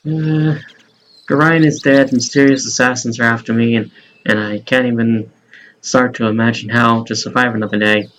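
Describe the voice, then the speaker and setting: A man's voice: mid-range voice, steady tone, moderate pace, a bit bright, slight background noise, lightly acted, low-quality recording. A man reading the lines of a grieving young male hero from a fantasy game in a subdued, hesitant way. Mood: troubled.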